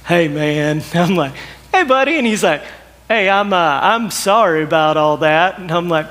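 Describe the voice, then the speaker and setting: A man preaching a sermon, telling a story in a folksy, animated way with many repeated words. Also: on the high side, measured pace.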